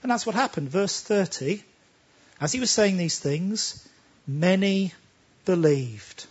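A man's voice: high-pitched, expressive, takes it slowly, slightly rough, dull audio. A man preaching a sermon, talking emphatically and pressing his listeners with rhetorical questions.

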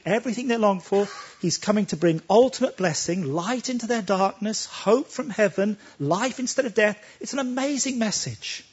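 A man preaching with emphatic conviction, his voice high and swinging widely in pitch. His tone is husky and breathy, and the sermon comes through a dull, lo-fi recording. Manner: emphatic, with rhetorical questions.

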